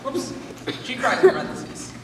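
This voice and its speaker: A woman's voice: normal speed, noisy background, lightly acted. A woman on stage playing a fussy male playwright who reads his stage directions aloud and defends his script, heard from far off in an echoey hall. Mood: pompous. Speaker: stage actor. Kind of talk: amateur stage play performance. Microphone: far room mic.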